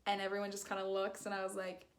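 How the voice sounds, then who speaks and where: A woman's voice: mid-range voice, monotone, quick pace, background noise. Rambling young woman telling a story. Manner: rambling, filler-heavy, acts out quoted lines in bursts. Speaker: vlogger. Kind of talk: casual storytime.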